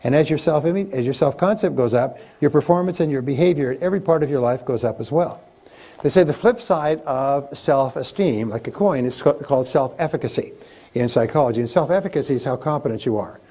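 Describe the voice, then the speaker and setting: A man speaking at a live motivational seminar, in a voice of ordinary middle pitch. He talks with emphasis and keeps hammering home the same phrases. He leads the audience in repeating them back to him. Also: fairly quick, mellow. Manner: emphatic and repetitive, leading the audience in chants.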